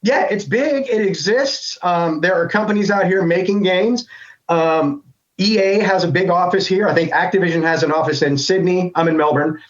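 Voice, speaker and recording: A man's voice: high-pitched, moderate pace. Middle-aged American male guest, raised voice, chatty and meandering, muffled recording. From United States. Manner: rambling, thinks aloud with many restarts. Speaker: guest voice actor. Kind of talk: casual interview chat. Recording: dull lo-fi sound.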